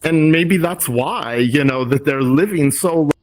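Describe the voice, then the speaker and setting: A man's voice: fairly high pitch, a little slow, noisy background. A middle-aged man talking in a casual group discussion, thoughtful and rambling with many restarts. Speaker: discussion host.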